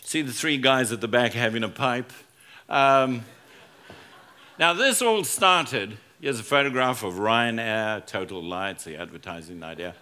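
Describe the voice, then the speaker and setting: Bright, animated male keynote speaker. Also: medium pitch. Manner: storytelling, acts out quoted lines, jokes with audience. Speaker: business school professor giving a conference talk. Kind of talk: humorous conference keynote. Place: conference stage before a live audience.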